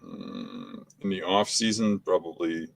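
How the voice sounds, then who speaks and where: A middle-aged man talking in a matter-of-fact, unhurried way on a podcast. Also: deep voice, very animated, vocal fry. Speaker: podcast co-host, hunting guest. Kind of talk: casual conversation.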